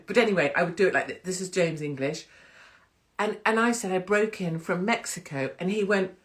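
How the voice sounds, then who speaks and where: A woman's voice: on the low side, a little fast. A middle-aged woman chatting candidly to camera, blunt and rambling, swearing freely. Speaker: vlogger.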